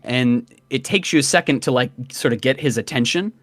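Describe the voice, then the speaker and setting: A man running a tabletop game as dungeon master, describing scenes in a relaxed, loose way. His voice is mid-pitched and dry and close. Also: a little fast, no echo. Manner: descriptive, relaxed, hedging with filler words.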